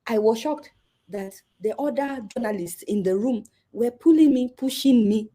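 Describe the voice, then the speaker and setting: A woman in her thirties with a Nigerian accent, a journalist guest telling a story with lively energy and acting out the people she quotes. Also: moderate pace. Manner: acts out quoted voices with big pitch jumps. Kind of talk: animated storytelling in conversation.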